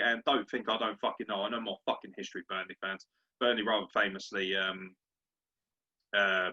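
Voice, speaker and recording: Sweary southern English man, bright husky voice. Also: lowish voice, muffled recording. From southern England. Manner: sweary, animated ranting, puts on gruff voices. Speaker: podcast host. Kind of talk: casual sports podcast chat.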